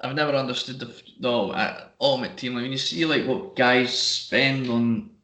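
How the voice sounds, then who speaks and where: A man in relaxed podcast chat, spinning anecdotes and now and then acting out the people in them. His voice sits at an ordinary middle pitch. The room rings with a noticeable echo. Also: moderate pace. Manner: storytelling with bursts of put-on voices. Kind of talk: casual chat. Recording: echoey room.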